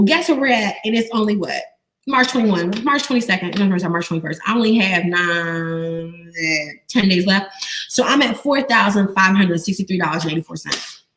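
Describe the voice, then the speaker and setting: Animated woman coaching a live class. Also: medium pitch, slight background noise. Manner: animated, repetitive call-and-response questioning. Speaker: online business coach. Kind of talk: live online training, quizzing viewers.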